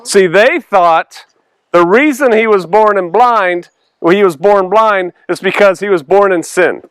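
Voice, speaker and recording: High-voiced animated male preacher. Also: unhurried, clean tone, no echo. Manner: animated, acts out the dialogue with sarcasm and laughs. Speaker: pastor. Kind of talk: conversational Bible teaching.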